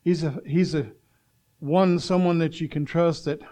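A man preaching a sermon, swinging between loud urgent calls and hushed storytelling, asking the congregation if they are listening. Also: on the high side, steady tone, unhurried.

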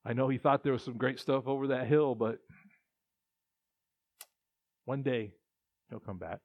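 A man's voice: mid-range voice, steady tone, measured pace, dry recording. A male pastor preaching a conversational sermon, with restarts and acted-out quotes. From Texas. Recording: dull, muffled dry sound.

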